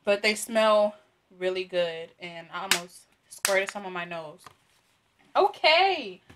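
A woman's voice: mid-range voice, lively intonation, takes it slowly, noisy background. A young woman reviewing free products in a casual unboxing vlog, chatty and giggly, with many fillers. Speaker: beauty vlogger.

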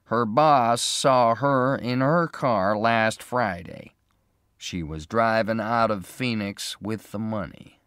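A hard private detective, as a man plays him who drawls every word slowly and flatly. The voice is unfriendly and firm, raised a little above the reader's own, with a dry sound. This is storybook reading. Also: fairly low pitch, clean tone, no room sound. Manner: flat, slow, unfriendly, deliberate.

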